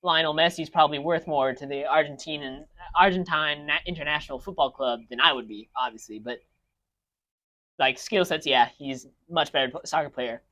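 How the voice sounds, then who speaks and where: A man's voice: on the high side, normal speed, bright, forceful tone. A man ranting in casual chat with friends, rambling with many restarts and fillers. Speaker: podcast co-host. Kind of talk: casual rant among friends.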